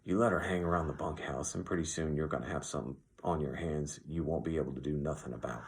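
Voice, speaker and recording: A man voicing a gruff, mocking ranch hand with a low, contemptuous voice for an audiobook. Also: fast talker.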